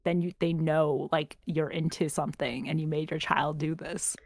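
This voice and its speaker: A woman with a fairly low voice chats loosely as a podcast co-host, trailing off and restarting her thoughts. Her voice sounds close and dry, with no room around it. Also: level tone, moderate pace, vocal fry, darkish tone, dry recording. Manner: rambling, lots of fillers and self-corrections. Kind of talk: casual chat.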